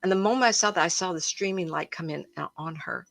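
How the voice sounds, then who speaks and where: A woman psychic medium hosting a livestream, telling stories in an emotional, animated way and often breaking into laughter. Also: on the low side, fast talker, vocal fry. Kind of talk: casual livestream storytelling.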